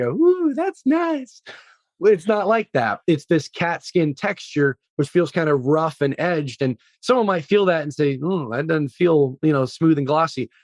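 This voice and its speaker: Guy on a fishing podcast, kinda high voice, dry close sound, rambling and excited. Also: no echo. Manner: enthusiastic, rambling explainer. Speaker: podcast co-host. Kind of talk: casual chat.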